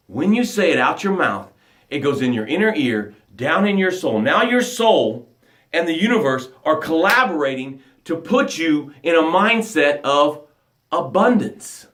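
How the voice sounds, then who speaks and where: A man with a fairly high voice gives a motivational talk, in the manner of a coach. He is emphatic, rising to loud bursts and dropping to hushed lines. The room around him is echoey.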